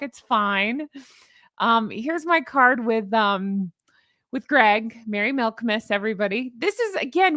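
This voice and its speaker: A woman's voice: fairly high pitch, fairly bright tone, no room sound, studio quality. A woman hosting her own channel, chatting sarcastically and laughing often as she shows viewers her joke pictures. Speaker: host. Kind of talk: casual commentary vlog.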